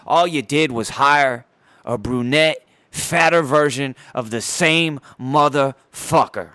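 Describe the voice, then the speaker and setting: A man's voice: medium pitch, slow pace, bright, forceful tone, dry recording. A man at home by his TV, delivering a heated, profane and sarcastic rant about his sports team. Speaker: sports fan ranting on his channel.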